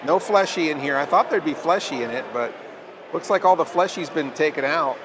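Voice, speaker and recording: A man hosting a horror movie show, rambling through comedy banter in a halting, jokey way. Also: on the high side, background noise. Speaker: horror host.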